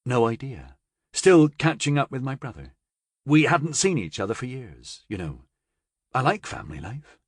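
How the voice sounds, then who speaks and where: A man's voice: mid-range voice, sing-song, moderate pace, slightly rough, dry recording, clean studio sound. A man reading an audiobook voices a shy, slightly slurring young man unsure of his future.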